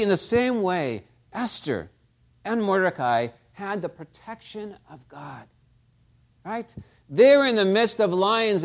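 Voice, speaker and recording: A man preaching a sermon, telling stories and asking the listeners rhetorical tag questions. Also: high-pitched. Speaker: pastor.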